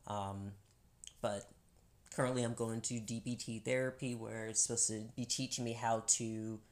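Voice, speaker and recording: A woman's voice: a bass voice, level tone, normal speed. A woman talking candidly in a casual couple's chat, laughing often and restarting her sentences.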